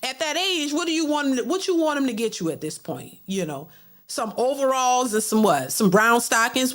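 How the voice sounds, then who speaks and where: A middle-aged woman hosting a livestream, reading viewer super chats and giving casual, talkative commentary that often repeats words. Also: fairly high pitch. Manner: chatty, repeats words, mimics others in a mocking voice.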